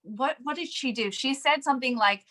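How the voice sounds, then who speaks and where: Bright-voiced woman coaching in a chat. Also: high voice, normal speed. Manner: animated, laughs often, acts out quoted people. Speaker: network marketing coach. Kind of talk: casual chat.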